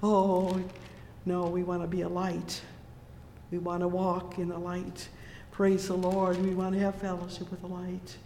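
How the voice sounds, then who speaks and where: A fervent preacher delivers a slow, measured sermon in a fairly even, steady tone. Between scripture readings comes a constant stream of heartfelt exclamations of praise. The voice rings out in a large, reverberant hall. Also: medium pitch, a little hiss or hum. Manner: fervent, interjects "oh, yes" and "praise the Lord" between verses.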